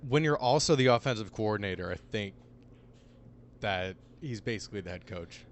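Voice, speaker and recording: A man's voice: on the low side, lively intonation, a little fast. A young man co-hosting a casual sports podcast, easygoing and agreeable. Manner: easygoing, agreeable, laughs often. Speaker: podcast co-host.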